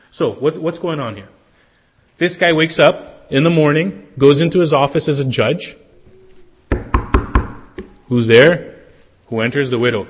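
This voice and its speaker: Animated husky preacher in a hall. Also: male voice, fairly high pitch. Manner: animated preacher, acts out characters with raised voice. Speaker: pastor. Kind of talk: sermon. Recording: long hall reverb.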